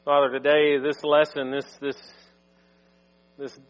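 Pastor praying over a humming line. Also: male voice, mid-range voice, level tone, measured pace. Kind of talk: sermon with prayer. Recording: dull sound with mains hum.

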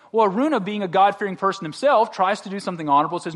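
A man's voice: sits high, fast. A man pastor preaching a sermon in a conversational way, joking and asking the congregation direct questions.

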